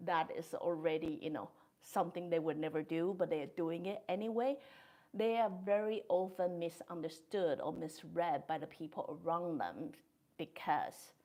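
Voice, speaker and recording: Gentle lower-voiced woman podcaster. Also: normal speed. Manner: gentle, thoughtful, with soft laughs; speaks English with non-native grammar. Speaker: podcast host. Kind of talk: reflective monologue.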